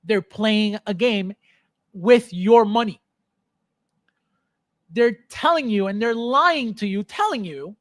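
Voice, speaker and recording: A man's voice: extremely high pitch, fairly bright tone, no echo, studio quality. A man hosting a livestream, ranting bluntly and emphatically, repeating himself, swearing, and reading out viewer comments. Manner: emphatic, repetitive, blunt and profane; reads viewer comments aloud. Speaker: livestream host. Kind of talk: unscripted livestream rant.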